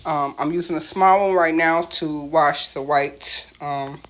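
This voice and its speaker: A woman's voice: sits low, steady tone, a little slow. A middle-aged woman casually showing viewers around her small apartment, chatting with lots of ums and calling them y'all. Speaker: vlogger giving a home tour. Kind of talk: casual home tour vlog. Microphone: handheld phone camera.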